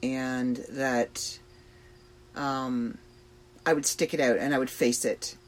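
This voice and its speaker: A woman hosting a podcast, talking slowly and thoughtfully about personal struggles with pauses and fillers. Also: a bass voice, steady tone, a little hiss or hum. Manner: slow, reflective and emotional, with pauses and fillers. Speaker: podcast host. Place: trailer in a backyard.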